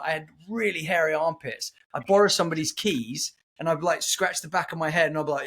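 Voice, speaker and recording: A man hosting a casual podcast chat, an animated and chatty storyteller. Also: a little high, brisk, hardly any pauses. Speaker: podcast host.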